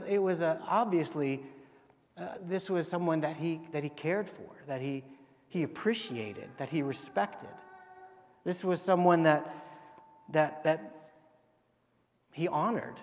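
Pastor guy preaching, fairly high voice, chatty, lots of rhetorical questions, long church echo. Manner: conversational, asks rhetorical questions and acts out quotes. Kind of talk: sermon. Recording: long reverb of a large hall.

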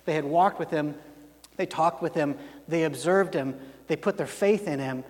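Man, pastor, sermon, high-pitched, conversational, frequent restarts, long hall reverb. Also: moderate pace.

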